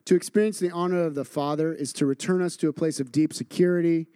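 A man's voice: on the high side, fairly even intonation, fast, mellow, clear, resonant tone, no room sound, clean studio sound. A man preaching a sermon as a pastor, earnest and repeating phrases for emphasis. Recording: music playing underneath.

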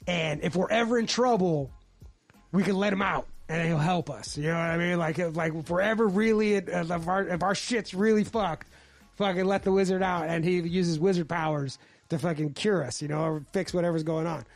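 A man's voice: high voice, moderate pace, vocal fry, faint music behind. A man hosting a podcast, telling a story in casual chat with frequent swearing and laughter. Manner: animated, laughing, swears often. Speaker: podcast host.

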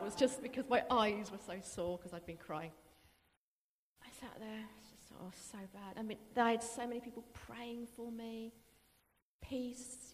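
Middle-aged woman sharing her testimony, earnest, goes soft and hushed a lot, long hall echo. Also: mid-range voice, unhurried. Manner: earnest, emotional, drops to a hushed voice. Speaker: church member giving testimony. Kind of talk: personal testimony.

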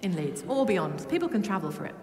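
A woman's voice: lowish voice, a little fast, soft background music. Woman preaching in an echoey church. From Britain. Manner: humming song snippets; lively and humorous. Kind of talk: sermon. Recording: echoey church with long reverb.

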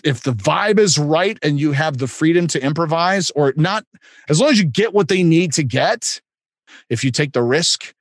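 A man who works as an improv and voiceover actor, a podcast guest telling animated anecdotes and acting out the dialogue. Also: medium pitch, dry recording, clean studio sound. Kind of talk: anecdotal storytelling.

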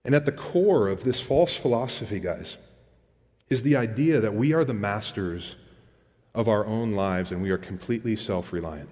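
A man's voice: lowish voice, normal speed, dark tone, in a large hall. A man preaching a sermon in a casual, conversational way, often repeating words and asking the congregation questions. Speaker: pastor.

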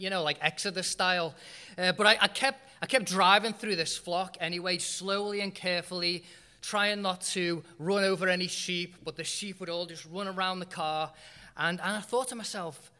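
A man preaching a sermon, telling a humorous story with dramatic pauses before moving into Bible teaching. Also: sits high, pushed and bright, big-room sound.

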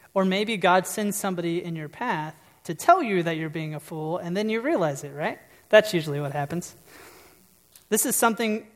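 Preacher with conversational sermon, echoing hall. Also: mid-range voice. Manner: conversational, asks the audience questions. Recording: long reverb.

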